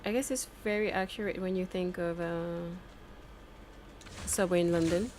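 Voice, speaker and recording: A woman's voice: fairly low pitch, steady tone, normal speed, darkish tone, a little hiss or hum. A woman chatting casually while she plays a game, talking freely, laughing often and swearing now and then. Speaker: game streamer. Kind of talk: casual gameplay commentary.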